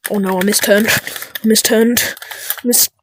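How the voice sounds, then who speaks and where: A woman giving chaotic, dark-humored let's-play commentary, muttering and often dropping into whispers. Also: medium pitch, steady tone, unhurried, slight background noise. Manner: drops into whispers. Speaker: gaming YouTuber.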